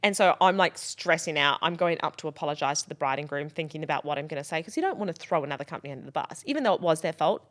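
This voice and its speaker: A woman co-hosting a casual podcast, telling stories in an animated way, swearing freely and acting out what people said. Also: low voice, racing, few pauses. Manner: animated storyteller, swears freely, acts out quotes. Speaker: podcast co-host and wedding planner.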